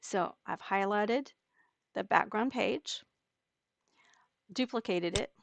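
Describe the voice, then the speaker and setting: A woman teaching a digital scrapbooking layout step by step, talking slowly and patiently with occasional fillers. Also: mid-range voice, creaky, no room sound. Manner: slow, step-by-step explaining with fillers. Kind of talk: screen-recorded software tutorial.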